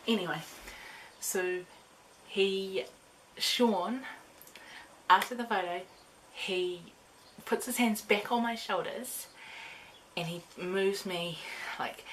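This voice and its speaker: A young woman telling a fan story in a casual bedroom vlog, excitable and gushing, with giggles and drops to a whisper. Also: on the low side, takes it slowly, pauses often, slight background noise. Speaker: vlogger.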